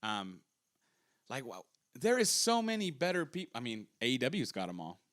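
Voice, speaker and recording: Blunt, opinionated young podcast host. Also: male voice, normal speed. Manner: opinionated, blunt, sometimes drops low and flat. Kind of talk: casual chat.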